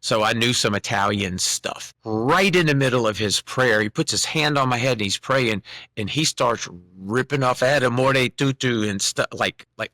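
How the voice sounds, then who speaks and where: A middle-aged man telling an animated personal story as a podcast guest, acting out the voices of the people in it. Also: lowish voice, normal speed, dry recording. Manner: animated testimony with quoted dialogue. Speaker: guest singer-songwriter.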